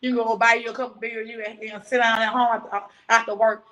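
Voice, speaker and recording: A woman with a high, bright voice delivers a rambling monologue, sliding from preachy advice into an agitated story. She jumps between topics and often turns loud and worked-up. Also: little pitch movement, fast talker, poor audio. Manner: grows loud and agitated telling her story.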